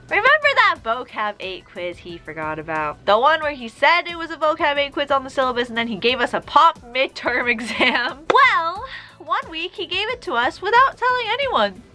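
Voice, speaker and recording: A young woman with a high, bright voice recounts a personal story in a storytime vlog. Her delivery swings widely and stays exasperated and animated. Faint music sits underneath. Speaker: vlogger.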